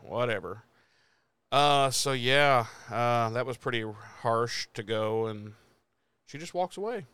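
A man with a middle-pitched, smooth voice, recorded close and dry. He chats casually about a TV show, swears often, and slips into the characters' lines as he retells scenes. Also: animated, slow, sharp tone, no room sound. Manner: profane, laughing, acts out lines from the show. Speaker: podcast co-host. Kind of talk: casual chat recapping a TV episode.

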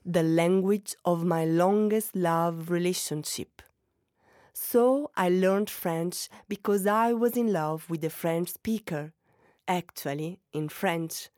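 A woman in her forties, a native Italian speaker from Italy, narrating slowly and poetically, at times in a near whisper. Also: fairly low pitch, mellow, no echo, studio quality. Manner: slow, poetic, partly whispered. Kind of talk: reflective spoken-word narration.

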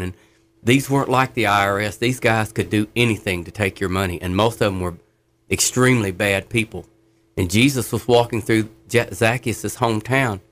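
Man, middle-aged, fervent, earnest storyteller, faith testimony, mid pitch. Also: a bit bright. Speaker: guest sharing his testimony.

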